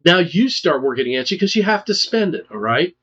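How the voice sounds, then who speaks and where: Financial advisor man, emphatic, slightly high voice, dull lo-fi audio. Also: very animated, brisk, a bit bright, breathy edge. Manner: emphatic, repeats "okay?" and "all right?" to check understanding. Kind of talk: explaining retirement charts. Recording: dull lo-fi sound.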